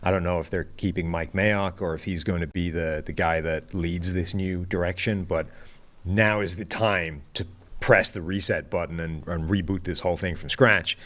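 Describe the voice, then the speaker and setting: Male co-host, very low voice, dry wit. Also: fairly even intonation, moderate pace, a bit bright. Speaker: podcast co-host. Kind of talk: casual sports podcast chat.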